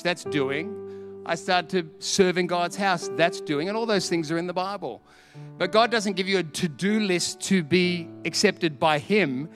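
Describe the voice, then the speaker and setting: A man preaches, telling a story and acting out the voices with bursts of laughter. His voice sits a little high for a man, with soft music under it. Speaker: pastor. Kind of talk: sermon with a told story.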